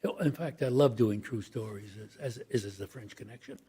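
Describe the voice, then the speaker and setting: A man's voice: lowish voice, brisk, mellow, husky. An older man, an actor as a guest, telling long rambling anecdotes in an interview and acting out the voices he quotes. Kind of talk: storytelling interview.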